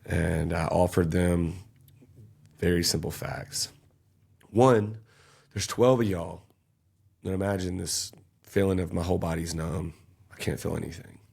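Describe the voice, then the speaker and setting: A man's voice: low-pitched, steady tone, a little slow, vocal fry, pauses often, darkish tone, husky. A man, a podcast guest telling his story in an earnest, casual way and getting worked up as he retells events.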